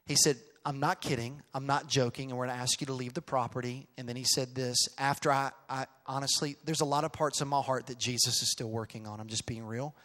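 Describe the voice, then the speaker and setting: A middle-aged male pastor telling a story in a sermon, swinging from quiet asides to loud, emphatic outbursts. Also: mid-range voice, steady tone, brisk, few pauses. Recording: long reverb of a large hall.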